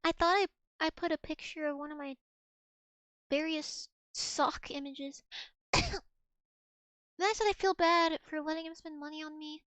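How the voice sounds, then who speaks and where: A young woman streaming, chatting in a giggly, mock-dramatic way. Her voice sits very high, and the sound is dry and close with no room around it. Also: fairly even intonation, measured pace, pauses often, fairly bright tone, dry recording. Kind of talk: casual chat reading old messages to chat.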